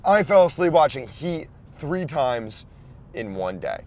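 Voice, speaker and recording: A man's voice: on the high side, sing-song, measured pace. A young man from the Philadelphia area hosting a comedy podcast, ranting loosely about a movie with lots of fillers and restarts. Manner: loose, rambling, lots of fillers and restarts, sudden loud outbursts. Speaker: podcast host. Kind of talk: rambling comedic movie rant.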